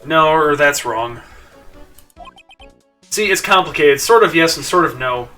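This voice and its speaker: A man's voice: on the high side, expressive, unhurried, bright, forceful tone, distant mic, soft background music. A man doing a stammering timid crybaby. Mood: nervous. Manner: stammering, waffling, backpedaling. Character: timid gangly male crybaby thief, apologetic.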